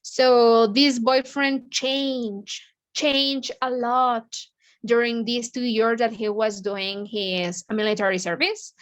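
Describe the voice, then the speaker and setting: Woman, slow unhurried delivery, fairly high voice, halting explanations. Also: steady tone. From Mexico. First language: Spanish. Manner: explains words slowly, halting, many fillers. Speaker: English book club teacher. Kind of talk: casual vocabulary lesson.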